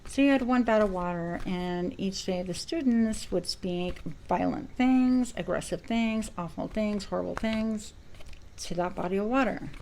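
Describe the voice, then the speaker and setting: A woman's voice: mid-range voice, measured pace, darkish tone, a little hiss or hum, low-quality recording. A woman giving a spiritual card reading to her viewers, reflective and searching for words as she goes. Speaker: tarot reader.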